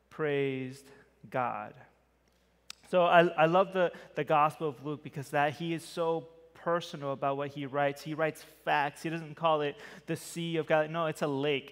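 A male pastor with a slightly high voice delivers a sermon in a conversational way, leaning into key words with lively emphasis. His voice trails off into the long reverb of a church sanctuary.

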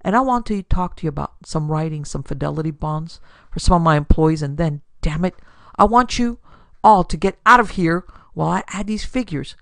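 Woman playing a boastful gruff older tycoon. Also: sits low, animated, brisk, no room sound. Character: blustering older male businessman, ex-bartender.

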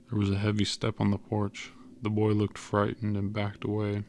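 A man narrating an audiobook in a measured, even way. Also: fairly low pitch, a little hiss or hum. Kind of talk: scripted narration.

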